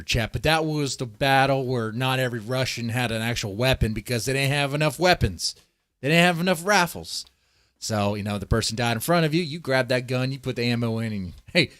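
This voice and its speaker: A man's voice: medium pitch, fairly bright tone, no echo. A man streaming live, rambling through casual, profane commentary and talking straight to his chat. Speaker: streamer reacting to a video.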